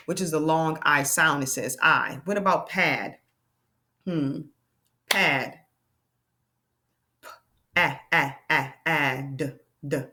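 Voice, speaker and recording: A woman's voice: fairly low pitch, fairly bright tone. A woman teaching a phonics lesson to children, stretching out sounds and clapping out syllables in a patient, encouraging way.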